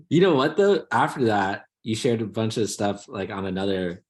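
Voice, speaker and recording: Excitable laughing male podcast co-host. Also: lowish voice, measured pace. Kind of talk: casual podcast chat.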